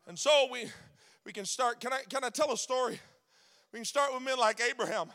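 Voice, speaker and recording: High, gravelly preacher man. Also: brisk, a faint crowd. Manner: builds to shouted, sing-song preaching. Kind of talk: sermon. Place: church sanctuary.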